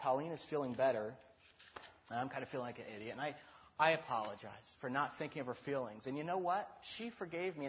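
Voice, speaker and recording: A man preaching in a storytelling sermon, animated and acting out the voices in his story. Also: medium pitch. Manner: animated, acts out quoted dialogue. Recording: dull lo-fi recording.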